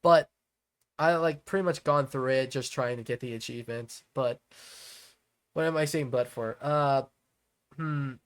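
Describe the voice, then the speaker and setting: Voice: mid-range voice, unhurried, pauses often. A let's-play host reading a visual novel aloud and chatting about it in a rambling way with lots of fillers and restarts.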